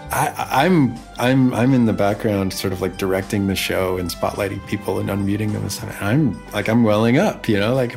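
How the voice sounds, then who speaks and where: Deep gravelly-voiced man telling a story. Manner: animated, talks fast with many fillers and restarts. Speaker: musician. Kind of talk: casual conversational storytelling.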